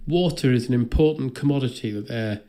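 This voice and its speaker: A man's voice: medium pitch, brisk, mellow. A man co-hosting a comedy podcast, recapping a film in a dry, sardonic way. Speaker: podcast co-host.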